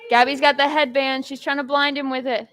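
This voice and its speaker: Upbeat young woman host, high voice, casual game emcee. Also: flat delivery, brisk, fairly bright tone, no echo. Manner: upbeat, cheers players on. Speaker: host running a campus game.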